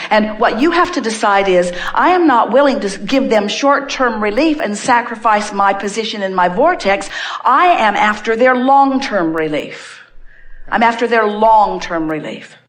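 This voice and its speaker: Emphatic woman teaching as a collective "we". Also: fairly high pitch. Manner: speaks as a collective "we", emphatic and repetitive. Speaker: spiritual teacher speaking to an audience. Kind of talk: inspirational channeled talk.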